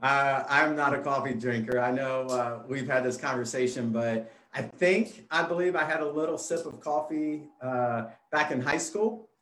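A man's voice: medium pitch, normal speed, hardly any pauses, a bit bright, reverberant. A man in his forties, a kids pastor, chatting easily as a guest in an interview, with frequent fillers. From Phoenix, Arizona. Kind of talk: casual interview.

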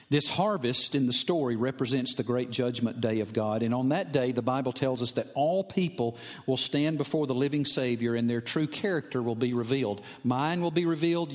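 A middle-aged man, preaching a sermon and telling a personal story, building to impassioned emphasis. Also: medium pitch. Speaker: pastor.

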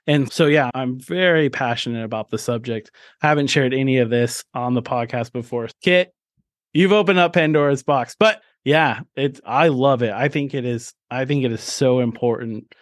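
A man's voice: mid-range voice, normal speed, dry recording, clean studio sound. A man in his thirties, a podcast host, candidly sharing his own story in an interview, earnest and open with frequent restarts.

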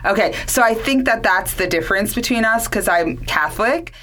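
A woman's voice: mid-range voice, animated, normal speed, low-quality recording. A woman co-hosting a podcast, asking questions and encouraging her partner. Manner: warm, encouraging interviewer. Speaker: podcast co-host. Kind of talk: casual podcast chat.

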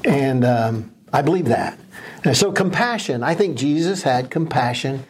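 A man's voice: mid-range voice, expressive, a little slow, breathy edge. A man co-hosting a casual Bible discussion podcast, talking earnestly and with emphasis, with many ums and restarts. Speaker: podcast co-host.

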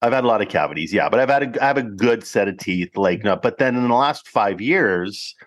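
A man's voice: on the low side, expressive, fairly quick. A man in his fifties co-hosting a podcast, chatting casually and joking playfully, with some swearing. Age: 50s. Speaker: podcast co-host. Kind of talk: casual chat.

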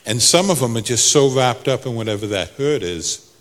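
A male pastor, preaching a sermon that swings from soft to loud. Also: mid-range voice, expressive, moderate pace, big-room sound, a faint crowd.

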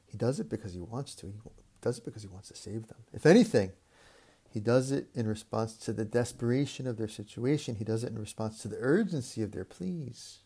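A man preaching a reflective sermon, speaking in a measured way with repeated phrases and long pauses. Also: fairly low pitch, animated, warm tone, husky.

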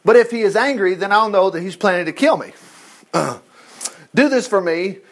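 A preacher reads David as a desperate hunted young man, voice high and swinging widely in pitch. His pleas come urgent and earnest, read straight from scripture. The reading stays close to a plain speaking voice. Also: expressive, moderate pace. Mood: urgent pleading.

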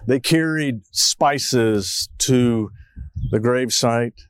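A man's voice: medium pitch, drawn-out words, clear, resonant tone, no room sound, poor audio. A middle-aged man preaching a reflective sermon as a pastor, telling stories. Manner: storytelling, reflective, acts out a child's voice in quotes.

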